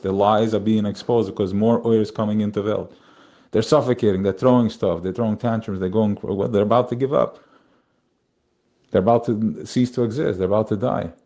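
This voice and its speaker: Guy teaching torah live, kinda low mellow voice, repeats himself a lot. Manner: spiritual, searching, repeats phrases.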